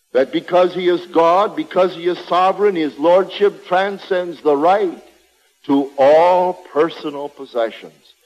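A man preaching a sermon with an emphatic, repetitive cadence. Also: on the high side. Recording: long reverb of a large hall.

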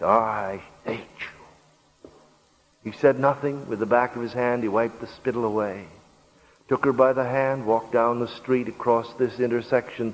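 A man preaching a sermon through a story, softly repeating his key phrases for emphasis. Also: mid-range voice, in a large hall, rough recording. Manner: soft, repetitive emphasis.

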